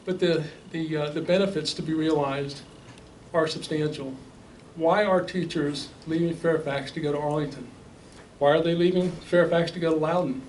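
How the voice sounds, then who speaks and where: A man's voice: on the high side, steady tone, darkish tone. Man citing figures at a debate. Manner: measured, citing figures, frequent restarts. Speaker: debate panelist. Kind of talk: public debate. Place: realty office meeting room. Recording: distant mic with faint noise.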